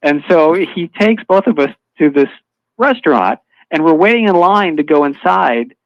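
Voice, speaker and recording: Higher-voiced man telling a story, halting. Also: expressive, dry recording. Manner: halting, many fillers and restarts. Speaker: guest telling a personal story. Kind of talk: casual storytelling on a live audio chat. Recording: dull lo-fi online audio stream.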